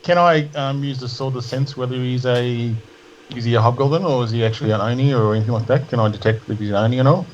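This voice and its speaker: A man playing a tabletop game, asking quick, hesitant questions about the rules. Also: mid-range voice, muffled recording, a little hiss or hum. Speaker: player. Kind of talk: casual tabletop game chat.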